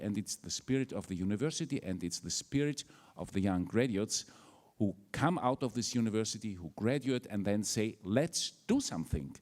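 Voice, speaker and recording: A man's voice: on the low side, expressive, normal speed, hardly any pauses, darkish tone. An older man with an Austrian German accent gives a formal welcome speech as a university rector, hesitant and full of fillers. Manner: hesitant, with many fillers and restarts.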